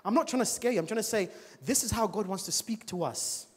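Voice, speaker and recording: A male preacher giving a church sermon, animated and full of rhetorical questions to the congregation. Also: sits high, fast talker, breathy edge. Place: church service. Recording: long reverb of a large church hall.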